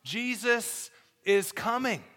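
A man's voice: very high-pitched, expressive, slow, sharp tone. A male pastor preaching a sermon, reading scripture aloud and giving earnest, urgent warnings. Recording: long hall reverb.

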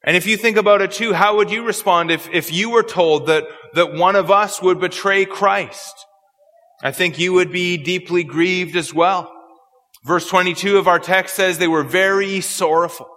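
A man's voice: sits high, steady tone, moderate pace, sharp tone. A man preaching an expository sermon, earnest and prone to repeating words as he searches for phrasing. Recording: long hall reverb.

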